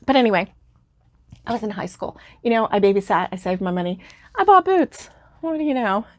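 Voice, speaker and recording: A woman's voice: mid-range voice, big pitch swings, a little fast, dry recording. A woman in her fifties chatting casually to viewers about her crafts, rambling and giggling through lots of fillers, a little sleepy and yawning. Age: 50s. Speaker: crochet vlogger. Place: home craft room.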